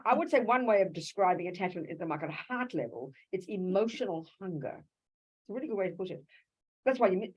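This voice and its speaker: An Australian woman teaching Buddhism to a live audience in a lively, conversational way, often asking rhetorical questions. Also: on the low side, husky, rough recording. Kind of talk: dharma talk to a live audience.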